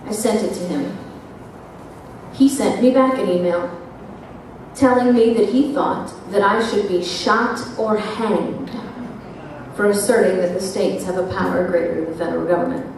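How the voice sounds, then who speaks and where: Give me a woman telling a lively story to an audience, recorded from far back in a reverberant hall with faint noise. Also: medium pitch, normal speed. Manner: animated, confrontational storytelling. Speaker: constitutional speaker. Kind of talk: storytelling lecture to a live audience.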